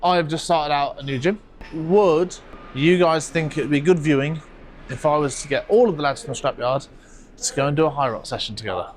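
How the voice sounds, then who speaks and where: A man with a nasal, croaky voice that sounds like he has a cold, hosting a scrapyard vlog in quick, jokey casual chat outdoors. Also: a little high, a little hiss or hum. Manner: fast-talking, jokey. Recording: music playing under the voice.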